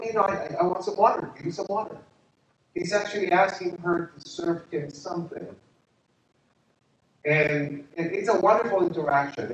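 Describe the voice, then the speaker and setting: A man's voice: fairly high pitch, a little hiss or hum. A man preaching a sermon as pastor, chatty and joking, asking the congregation questions. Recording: echoey hall, distant mic.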